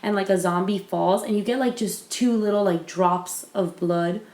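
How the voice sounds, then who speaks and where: A woman's voice: medium pitch, moderate pace, darkish tone. A woman co-hosting a podcast in casual chat, talking loosely with many fillers and restarts. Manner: chatty, lots of fillers and restarts. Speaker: podcast co-host. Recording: roomy echo.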